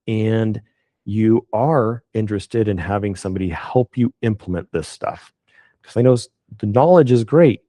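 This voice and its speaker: Relaxed low-voiced man hosting a webinar. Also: no room sound, clean studio sound. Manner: relaxed, conversational, frequent fillers. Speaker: estate planning attorney hosting a webinar. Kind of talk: casual webinar wrap-up.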